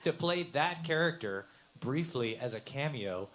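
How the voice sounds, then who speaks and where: A man chatting as a co-guest on a comedy talk show, quick to jump in with remarks. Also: mid-range voice, lively intonation, a bit bright. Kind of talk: casual talk-show chat.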